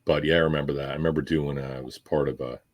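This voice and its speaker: A man's voice: extremely low pitch, fairly even intonation, racing. A former Marine man hosting a casual chat, reminiscing in a rambling, profane, reflective way. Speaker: podcast host, former Marine.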